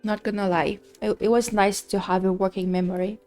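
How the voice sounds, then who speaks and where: A woman's voice: mid-range voice, flat delivery, fairly quick, darkish tone, faint music behind. A woman streaming a game live, chatting casually and thinking aloud, rambling with many fillers and restarts. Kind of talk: casual live-stream chat while gaming.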